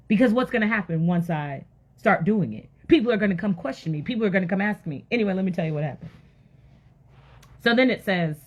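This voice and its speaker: Woman preaching hype sermon, kinda husky voice, lots of "do you know why" questions, muffled lo-fi audio. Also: on the low side. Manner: animated, fires rhetorical questions, sudden loud exclamations. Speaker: motivational faith speaker. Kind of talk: energetic motivational sermon.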